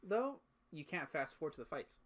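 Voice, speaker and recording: A man's voice: on the high side, very animated, a loud crowd. A young man co-hosting a podcast, chatting casually, swearing and filling his talk with "like". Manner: rapid, swears casually, many fillers. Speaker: podcast co-host. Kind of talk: casual chat.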